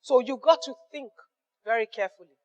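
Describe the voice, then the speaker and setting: High-voiced Nigerian woman giving business advice. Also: brisk, darkish tone, in a large hall, muffled recording. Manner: emphatic, repeats key phrases, acts out little dialogues. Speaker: business mentor. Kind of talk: motivational business advice talk.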